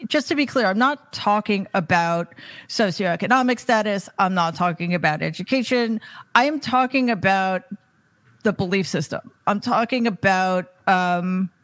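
Firm female host of a political panel. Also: mid-range voice. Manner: firm, measured, steering the talk.

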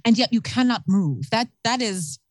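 A woman on a podcast chatting casually, wondering aloud with an expressive delivery. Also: on the high side, moderate pace, no echo. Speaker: podcast co-host. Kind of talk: casual chat.

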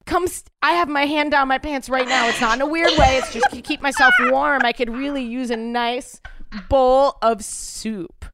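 A woman's voice: high-pitched, moderate pace. A woman co-hosting a podcast, teasing and brash in casual chat. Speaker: podcast co-host. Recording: noisy room with clicks.

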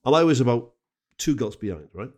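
A man hosts a podcast and tells animated, rambling comic anecdotes. He talks quickly and throws in asides. His voice sits in a middle pitch. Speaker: podcast host. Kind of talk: comic storytelling.

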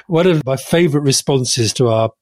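Husky man, wry and chatty. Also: mid-range voice, normal speed, a little mellow, no echo, studio quality. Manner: chatty and wry, with repeated words. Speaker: podcast co-host. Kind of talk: casual political discussion.

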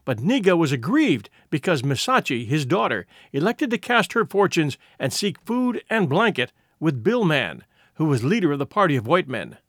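Male audiobook narrator, measured and expressive, slightly higher voice. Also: no room sound, clean studio sound.

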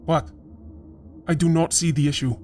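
A woman's voice: low voice, fairly even intonation, moderate pace, a little mellow, faint music behind, lightly acted. Woman doing a sullen Russian-accented fiancé. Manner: blunt, broken phrasing. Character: brooding Russian fiancé, young man, stubborn and smug.

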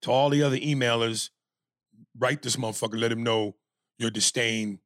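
A man's voice: medium pitch, fairly even intonation, normal speed, a bit bright, dry recording, studio quality. A man co-hosting a podcast, talking casually, profane and emphatic, arguing with mock outrage. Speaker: podcast co-host.

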